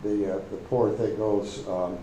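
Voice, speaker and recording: A man's voice: fairly low pitch, steady tone, measured pace, mellow. A man at a club meeting, casually and hesitantly explaining his telescope setup. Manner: hesitant, many fillers and restarts. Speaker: club member. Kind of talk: casual chat. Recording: roomy meeting hall, faint hum.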